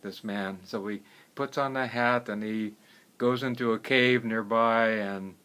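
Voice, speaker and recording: Man telling stories in a low voice. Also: fairly even intonation, a little slow, fairly bright tone. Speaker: herbalist. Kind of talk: casual storytelling.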